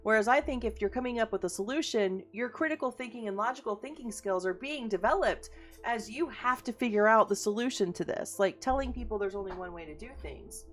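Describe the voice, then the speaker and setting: A woman in casual chat as an interviewer, talking fast, chatty and swearing freely. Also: a little high, lively intonation, soft background music.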